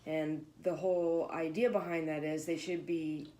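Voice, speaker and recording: A woman's voice: deep voice, little pitch movement, normal speed, dark tone, slight background noise. A woman dog trainer explaining a training game to camera in a casual, chatty way with fillers. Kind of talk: casual instructional video.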